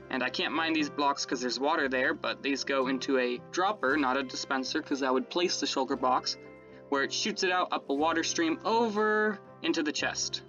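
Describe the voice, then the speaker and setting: A man's voice: mid-range voice, sharp tone, lo-fi sound. A man giving casual gameplay commentary as he builds, rambling and correcting himself as he explains his setup to viewers. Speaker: Minecraft let's-play creator.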